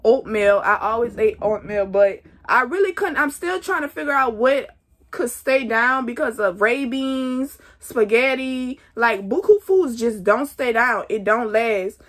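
A woman's voice: on the high side, animated, measured pace, fairly bright tone. A young woman chatting to her viewers in a casual pregnancy update vlog, feeling nauseous. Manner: chatty, talks straight to viewers as y'all. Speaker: vlogger.

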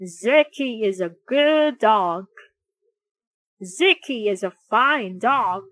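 A soft-hearted neighbor man speaks slowly and steadily, full of calm reassurance, as a woman puts him on while reading a picture book aloud. The delivery is lively despite the unhurried pace. The sound is dry and close. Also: on the high side, no echo, heavily acted. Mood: reassuring.

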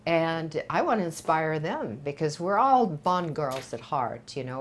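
An older woman with a Swedish accent and a notably low voice speaks as a guest in a candid studio interview. Her English is reflective and unhurried, with frequent pauses and fillers. A faint hiss sits under her voice. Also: big pitch swings. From Sweden. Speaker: actress guest.

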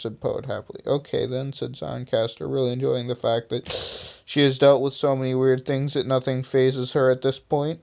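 A man's voice: mid-range voice, flat delivery, normal speed, gravelly, a little mellow. Self-mocking man reading his own story. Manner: self-deprecating, stumbles and restarts often. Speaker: reader of his own stories. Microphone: phone screen recorder.

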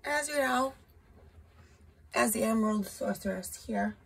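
A woman's voice: fairly high pitch, unhurried, vocal fry, slightly rough. A woman giving a casual tarot reading, chatty and loose, with profane asides. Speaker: tarot reader.

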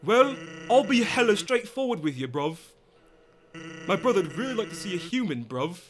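A man's voice: high-pitched, sing-song, normal speed, music in the background. A man voicing a lazy, joking skeleton in a game, with a put-on London-style slang accent and a cheeky, laid-back delivery. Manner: laid-back, cheeky, keeps saying bruv.

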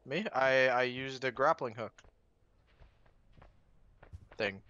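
An excitable young man chatting casually while gaming with friends, often jumping into high yelps. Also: slow. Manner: excitable, swoops into squeaky yelps. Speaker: gamer. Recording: dull lo-fi mic.

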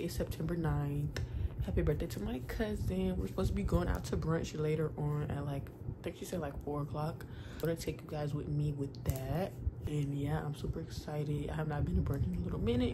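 Brief: woman in her 20s, easygoing vlogger who rambles, calls viewers y'all and baby, phone audio with plenty of background noise. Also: low voice. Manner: chatty and slangy, addresses viewers as y'all and baby. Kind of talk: casual vlog talk to viewers. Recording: noisy phone vlog audio.

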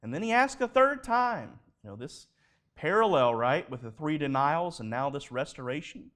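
A man preaching a sermon at a live church service, telling stories in an animated way and acting out the dialogue. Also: fairly high pitch, moderate pace. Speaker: pastor.

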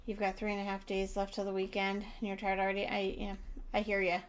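A gaming streamer gives casual commentary on her play, chatting with her viewers and sounding tired, even yawning. Her voice is medium-pitched and monotone, and she speaks fast.

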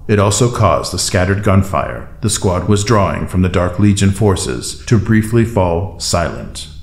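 A man narrating an audiobook in a measured, steady way. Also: low voice, slight background noise. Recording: roomy echo, faint music bed.

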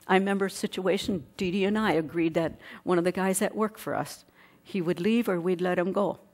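A middle-aged woman giving a sermon, telling a personal testimony in an animated way and asking the congregation questions. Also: on the low side, brisk. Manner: animated storyteller, acts out voices, asks the congregation questions. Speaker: pastor's wife preaching.

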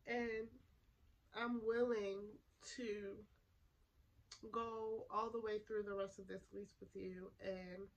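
A woman playing an emotional young woman making up with her twin, soft-spoken and hesitant with sighs, in a class role-play. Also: medium pitch, level tone, takes it slowly, muffled recording. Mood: tearful.

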